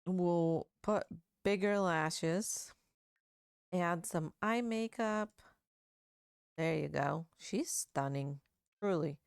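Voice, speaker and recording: A woman's voice: fairly low pitch, very slow, gravelly, long pauses, clear, resonant tone, dry recording. A young adult woman hosting a gaming video, giving chatty, playful, gossipy commentary into a close mic. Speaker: gaming channel host. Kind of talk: casual game commentary.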